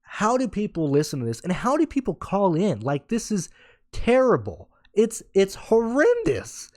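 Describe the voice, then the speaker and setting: A man's voice: sits high, wildly swooping pitch, normal speed, darkish tone, voice pushed up. A man mocking a preachy male radio host who scolds and talks down to his listeners. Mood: dismissive. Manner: scolding, dismissive.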